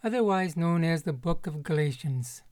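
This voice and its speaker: Woman commentator reading and explaining scripture; low, dry, close delivery. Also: lively intonation, darkish tone, no room sound. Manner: measured, explanatory, emphatic on quoted verses. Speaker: Bible commentator.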